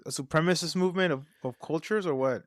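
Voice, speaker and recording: A man's voice: a little high, fast talker, no room sound, clean studio sound. A man joking as a guest in a casual movie review chat, with teasing quips. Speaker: podcast guest.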